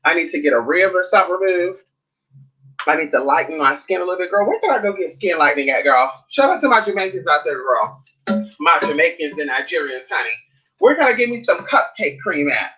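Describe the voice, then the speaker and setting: A sassy woman vlogging into her phone in her home kitchen, with a bright, sharp voice. She chats casually and profanely, calling viewers girl and honey. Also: sits low, animated, brisk, low-quality recording. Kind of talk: casual chat to camera.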